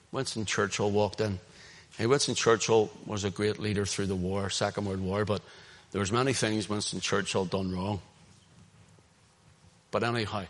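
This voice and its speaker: A man with a Northern Irish accent preaching an impassioned sermon, swinging between loud emphasis and hushed asides. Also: on the low side. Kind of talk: sermon, streamed online.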